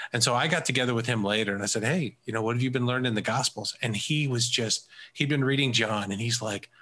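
A man who leads a faith community, telling stories in a casual conversation and acting out quoted dialogue. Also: mid-range voice. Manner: animated storyteller who acts out quoted dialogue. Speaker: faith community leader and residency coach.

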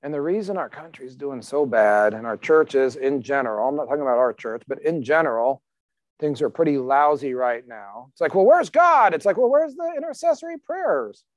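A man's voice: medium pitch, fairly quick, dry recording. A man preaching a sermon as pastor in a conversational, emphatic way, asking the congregation questions.

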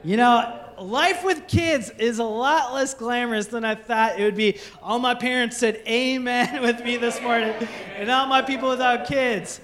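A young man preaches in a notably high voice. He is a pastor telling stories with humor, and he acts out little scenes as he goes. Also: moderate pace, a bit bright. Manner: playful storytelling with jokes and acted-out scenes. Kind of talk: sermon.

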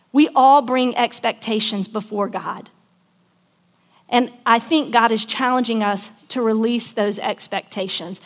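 A woman preacher giving a sermon in a conversational storytelling manner, acting out the quotes she reads. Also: a little high.

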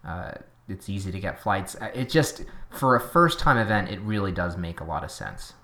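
A man's voice: low-pitched, expressive, moderate pace, pushed and bright. A man with a Boston accent co-hosting a podcast, chatting casually and opinionatedly, wandering into tangents. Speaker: podcast co-host.

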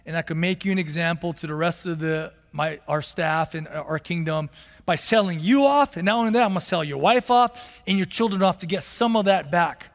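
A man's voice: a little high, brisk, pitched below the performer's own voice, natural voice. A man voicing a stern male master who demands repayment and threatens to sell off a debtor, in a cold, matter-of-fact way. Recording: long hall reverb.

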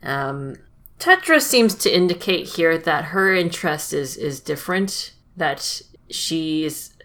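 A woman's voice: low voice, expressive, takes it slowly, fairly bright tone. A woman co-hosting a podcast, casually recapping a video game in a hesitant, thoughtful way.

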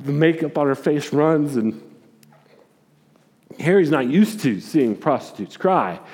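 A man preaching a sermon, telling a story in an animated way with repeated words. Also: fairly high pitch, measured pace. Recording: long hall reverb.

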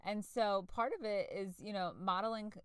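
A woman's voice: medium pitch, steady tone, normal speed, clear, resonant tone, no room sound. A woman in her forties hosting a solo podcast, talking in a chatty, earnest way. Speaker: podcast host. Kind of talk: casual solo podcast talk.

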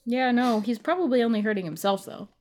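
A woman's voice: fairly high pitch, a little mellow. A woman co-hosting a read-aloud show, teasing her partner and taking turns reading the narration. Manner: teasing, quick-witted. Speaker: co-host and reader. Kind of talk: casual banter while reading a novel aloud.

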